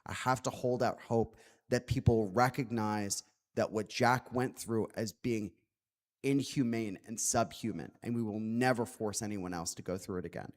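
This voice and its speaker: A man's voice: fairly low pitch, moderate pace. A man speaking as an author at a public book talk, earnest and reflective, with many "like" fillers.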